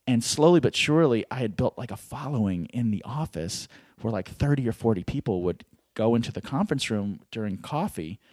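A man's voice: medium pitch, a little fast. A middle-aged man spins a story as a guest, his voice swinging widely up and down. He is self-deprecating and acts out other people's lines. The sound is dry, with no room echo. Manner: animated, acts out voices while telling stories. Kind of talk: casual storytelling.

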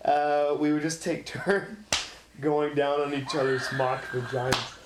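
A man's voice: on the high side, little pitch movement, unhurried. Man from the country, jokey podcast co-host, echoey room with faint hiss. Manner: jokey, acts out bits in silly voices. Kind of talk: casual crude chat.

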